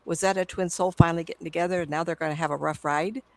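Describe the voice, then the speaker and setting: A woman in her seventies, a psychic medium, telling stories to an audience in an excitable, chatty way with frequent laughs. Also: fairly low pitch, racing, no echo. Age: 70s. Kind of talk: storytelling talk to an audience.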